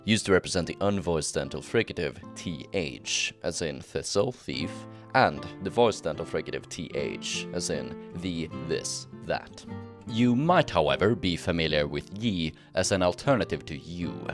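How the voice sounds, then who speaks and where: A man with a very low voice explains history in steady, scripted narration. He slips into relaxed, chatty asides. Clear guitar music plays behind him. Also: a little slow. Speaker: history channel host. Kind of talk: scripted history narration mixed with casual on-camera chat.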